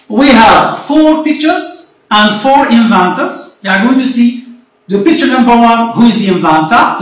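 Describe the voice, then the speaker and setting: A woman teacher giving a remote English lesson, explaining slowly and deliberately and repeating herself often. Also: on the high side. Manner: slow, deliberate explaining with frequent repetition. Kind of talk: recorded remote classroom lesson. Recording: very echoey room, voice far from the mic.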